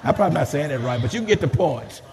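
A man preaching a fervent, emphatic sermon while he has a cold, his husky voice rising and falling. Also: a little high, expressive, fast talker, a little mellow, long reverb tail. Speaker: pastor. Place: church sanctuary.

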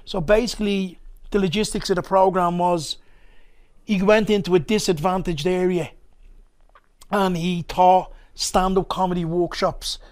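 High-voiced Dublin man spinning a yarn. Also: flat delivery, measured pace. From Ballymun, Dublin, Ireland. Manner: rambling, loose, with many asides. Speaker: podcast guest, comedian. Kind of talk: conversational storytelling.

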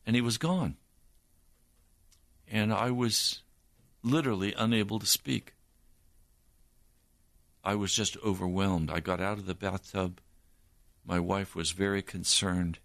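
An older man, a preacher, giving an earnest personal testimony in a slow storytelling manner. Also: low-pitched, steady tone, a bit bright, no room sound.

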